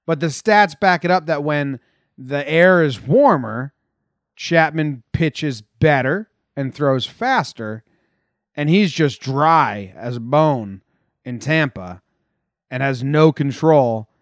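A young man co-hosting a podcast, joking and telling animated stories about a baseball game. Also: on the high side, slow pace, no echo, clean studio sound. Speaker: podcast co-host. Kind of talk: casual sports chat.

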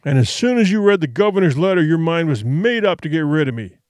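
This is a resentful, hoarse old-school sea captain, put on by a male narrator. He is loud and accusing, with a snarl and a lively, uneven pitch. The recording is dry and close, like an audiobook. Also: fast, dry recording, lightly acted. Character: hoarse, drunken, resentful ship captain, man.

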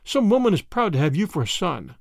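A woman's voice: on the low side, sing-song, brisk, vocal fry, darkish tone, no room sound, clean studio sound. A man voicing a kindly, stubborn old grandmother who talks in a fussy, earnest way. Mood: fretful.

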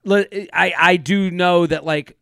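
A man's voice: sits high, steady tone, slow pace, gravelly, a bit bright, smooth, no echo, studio quality. A man co-hosting a podcast in casual chat, joking, rambling and laughing easily. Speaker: podcast co-host.

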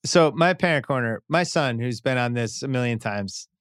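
A middle-aged man chatting on a podcast in a relaxed, easygoing way, with a mid-pitched voice. The sound is dry and close. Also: normal speed, no room sound. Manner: reads ad copy, then chats about his kids. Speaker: podcast host. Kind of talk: casual chat.

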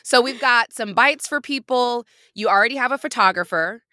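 A woman's voice: fairly high pitch, moderate pace, pushed and bright, dry recording, clean studio sound. A woman hosting a podcast in casual chat, upbeat and encouraging with a playful manner. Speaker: podcast host.

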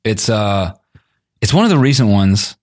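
A man chatting casually on a podcast, telling an animated story, acting out quotes, swearing often and laughing a lot. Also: lowish voice, moderate pace. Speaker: comedian co-host.

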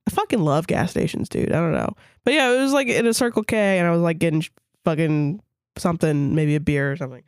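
A woman's voice: lowish voice, quick pace, no room sound, studio quality. A woman co-hosting a casual podcast, blunt and heavy on swearing as she tells stories. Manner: blunt, swears a lot, storytelling. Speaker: podcast co-host. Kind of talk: casual profane chat.

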